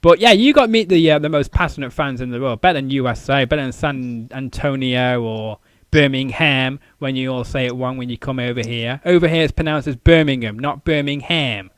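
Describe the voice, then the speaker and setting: A British man hosting a casual podcast interview, halting and repeating words with many fillers. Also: medium pitch, fairly bright tone, clean tone, no echo. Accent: British English. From United Kingdom. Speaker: podcast host.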